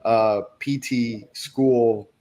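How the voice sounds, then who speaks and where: Male podcast co-host, mid-pitch, laid-back, encouraging interviewer. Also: steady tone, drawn-out words, warm tone. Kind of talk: casual interview chat.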